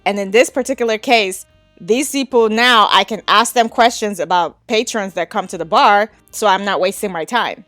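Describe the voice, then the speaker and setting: A woman's voice: medium pitch, normal speed, a bit bright, dry recording, faint music behind. A woman podcast host telling a frank, casual story and laughing often.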